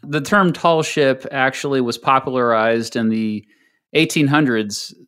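A man's voice: mid-range voice, a bit bright, clear, resonant tone. A man co-hosting a podcast, chatting casually, laughing easily and reading out history facts. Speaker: podcast co-host.

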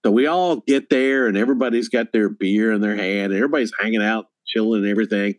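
A man's voice: lowish voice, quick pace. A middle-aged man telling a story as a podcast guest, acting out quotes with gusto. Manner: animated storyteller, acts out quotes loudly. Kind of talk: casual chat, storytelling.

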